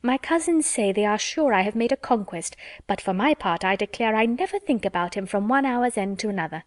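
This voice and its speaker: A woman voicing a giddy young spinster who chatters in quick, affectedly simpering boasts, for a storybook reading. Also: mid-range voice, lively intonation, dry recording, clean studio sound, close to an everyday voice.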